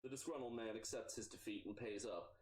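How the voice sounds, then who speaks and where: Low-voiced man reading a game, echoey. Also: brisk, darkish tone. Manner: self-mocking asides. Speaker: let's play narrator. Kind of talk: reading a game's text aloud with jokes. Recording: echoey room.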